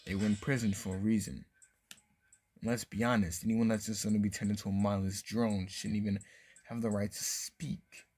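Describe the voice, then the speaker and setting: A man's voice: lowish voice, moderate pace, soft background music, lightly acted. A man doing a smug teenage ninja boss. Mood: smug threatening. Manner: calm, smug threats. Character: cocky menacing teenage boy ninja leader.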